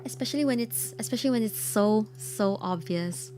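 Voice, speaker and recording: A woman streamer with a hoarse, croaky voice, chatting casually and reacting expressively to horror stories, quick to laugh and repeating her exclamations. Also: mid-range voice. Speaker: streamer hosting a story night. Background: soft ambient music.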